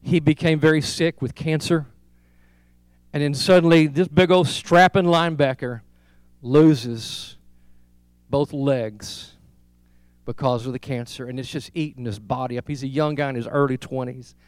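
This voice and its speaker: A man's voice: mid-range voice, steady tone, unhurried, clear, resonant tone, dry recording. A man preaching a sermon as a pastor, telling stories and building to repeated rhetorical questions.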